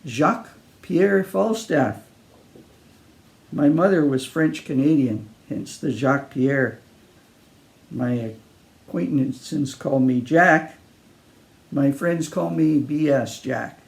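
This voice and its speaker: A man's voice: a little high, takes it slowly, creaky, long pauses. A man voicing a tall, friendly Australian drifter who talks easily to a stranger in a breezy, chummy way.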